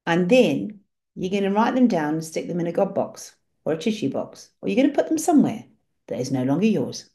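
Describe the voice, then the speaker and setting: A woman's voice: on the low side, very animated, fairly quick, warm tone. A woman leading an online prayer session on a video call, speaking in an encouraging, storytelling way. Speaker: prayer group leader.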